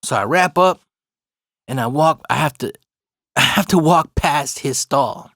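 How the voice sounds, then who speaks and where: A man's voice: fairly high pitch, unhurried, creaky, fairly bright tone, no echo, studio quality. A man casually telling a personal story, swearing freely and often laughing. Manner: profane, laughs through the story.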